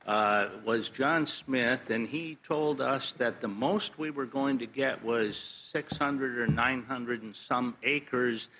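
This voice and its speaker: A man's voice: medium pitch, takes it slowly, hardly any pauses, fairly bright tone, a little hiss or hum, poor audio. A man speaking to a board at a public meeting as their federal lobbyist, with dry humor and a storytelling manner.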